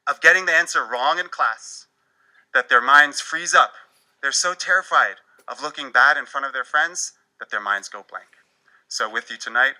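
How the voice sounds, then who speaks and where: A man giving a presentation talk in an animated, wry storytelling manner. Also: mid-range voice, rough recording. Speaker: speaker.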